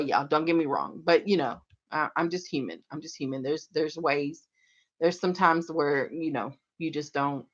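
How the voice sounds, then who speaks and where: A woman hosts a gardening livestream, chatting casually with viewers and calling them y'all. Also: mid-range voice. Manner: animated, addresses viewers as y'all. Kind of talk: casual chat reading viewer comments. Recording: slightly dull lo-fi livestream audio.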